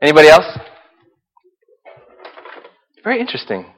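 A man preaches to his congregation with lively storytelling, rising to near shouts and then dropping to a soft hush. His voice sits somewhat high for a man, and a long reverb trails each phrase as it fills a large hall. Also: moderate pace, breathy edge. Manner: animated storytelling that swings from loud excitement to hushed softness. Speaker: pastor. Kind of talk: sermon.

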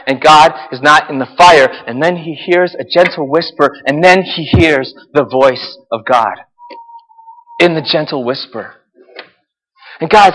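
A man preaching a sermon to a live congregation, telling the story with animated energy that swings from loud excitement to hushed softness. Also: on the high side. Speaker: pastor. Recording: long hall reverb.

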